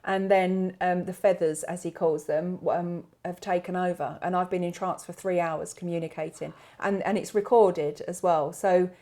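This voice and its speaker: A woman's voice: lowish voice, fairly even intonation, normal speed, few pauses, dark tone. A woman working as a trance medium, talking casually in an interview, chatty and full of fillers and restarts. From England. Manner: chatty, laughs often, many fillers and restarts.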